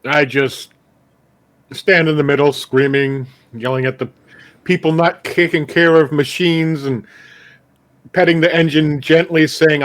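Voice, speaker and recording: A man's voice: a little high, measured pace. Rambling man playing a tabletop game. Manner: rambling, loose, animated in character. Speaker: player.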